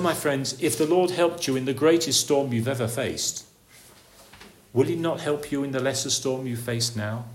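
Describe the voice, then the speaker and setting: This male preacher poses rhetorical questions throughout his sermon, dropping from forceful high points to hushed, subdued passages.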